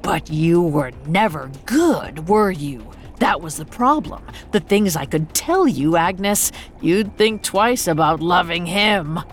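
Lady doing a low snide monster guy, sneery and taunting, whispery bits, faint music behind. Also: huge pitch swings, very slow, gravelly, heavily acted. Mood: sneering. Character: sneering monstrous man, cruel and mocking.

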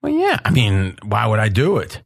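Animated male podcast host, lively pitch. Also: normal speed, creaky. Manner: animated, laughing storyteller. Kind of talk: casual roundtable talk.

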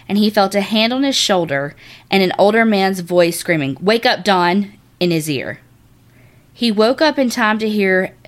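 A woman co-hosting a casual podcast, reading out a listener's ghost story and chatting with lively swearing and laughter. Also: medium pitch. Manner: animated, swears, laughs often. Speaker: podcast co-host.

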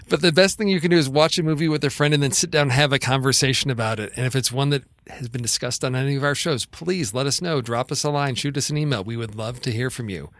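A man's voice: medium pitch, fast talker, few pauses, fairly bright tone, no echo. A man co-hosting a film podcast, chatting casually and laughing easily. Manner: laughs easily, upbeat sign-off. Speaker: podcast co-host. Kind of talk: casual chat about films.

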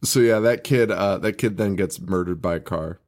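A man's voice: low voice, normal speed, darkish tone. A man co-hosting a podcast, recapping a movie in casual chat, laughing often, swearing and restarting his sentences. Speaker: podcast co-host.

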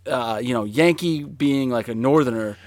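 A man in his forties telling a story in casual chat, animated, with lots of fillers and swearing. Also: medium pitch, moderate pace, no echo, clean studio sound.

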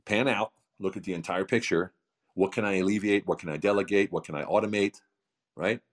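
A man's voice: deep voice, fairly quick. A middle-aged man giving emphatic motivational podcast talk, full of repetition and rhetorical questions. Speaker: founder of a coaching program, podcast guest.

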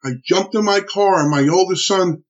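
Raspy-voiced man telling a tense story. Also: high voice, moderate pace. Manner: animated storytelling with frequent restarts and acted-out quotes. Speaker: interviewee telling a personal story. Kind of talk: emotional spoken recollection. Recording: dull lo-fi recording.

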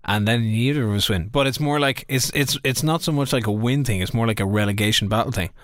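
A man co-hosting a casual podcast, teasing his co-host and quick to laugh. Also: medium pitch, a bit bright, dry recording, clean studio sound. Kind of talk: casual chat about a football management game.

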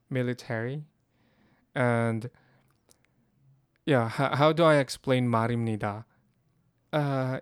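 Man explaining, smooth dry voice. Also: medium pitch, dry recording. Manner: explains haltingly with restarts and fillers. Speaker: language teacher. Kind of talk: casual spoken lesson.

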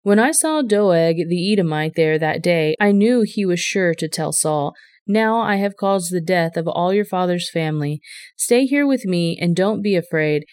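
A woman's voice: lowish voice, darkish tone, no room sound, studio quality, close to an everyday voice. A woman voicing an earnest, protective young male warrior leader.

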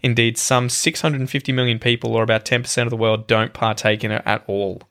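A man's voice: medium pitch, little pitch movement, fairly quick, a bit bright. A man in his thirties with an Australian accent, a guest chatting casually on a podcast, hedging and poking fun at himself. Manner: chatty, hedging and self-deprecating. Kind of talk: casual chat.

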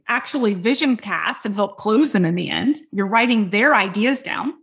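A woman coaching listeners on sales in an energetic, loud, hyped-up teaching talk, checking in often with "right?" and "okay?". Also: a little high. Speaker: business coach and podcast host.

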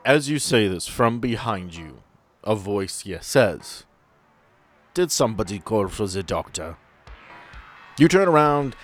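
A man narrating as game master for a tabletop game, setting scenes in an unhurried, descriptive way. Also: fairly low pitch.

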